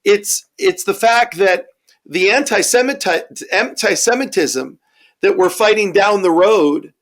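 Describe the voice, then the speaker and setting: A man's voice: sits high, a little slow. A man, a bishop hosting a Bible study discussion, affirming and reflective. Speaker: bishop, host.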